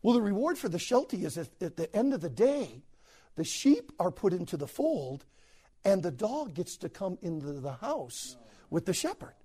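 An American man, a pastor, telling a story in a sermon to other preachers, animated and repeating words as he goes. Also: high-pitched, normal speed, slightly rough. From United States.

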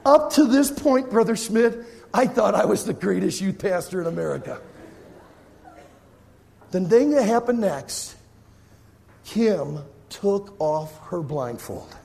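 A middle-aged man, a youth pastor, telling a funny story in a sermon and acting out his own shouting and cheering. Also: high-pitched, expressive, takes it slowly, vocal fry, pauses often, a little hiss or hum.

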